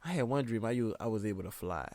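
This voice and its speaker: A man's voice: lowish voice, fast, darkish tone, no echo, studio quality. A man co-hosting a podcast, chatting casually and joking with frequent laughs. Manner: playful, joking, laughs often. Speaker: podcast co-host. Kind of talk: casual chat.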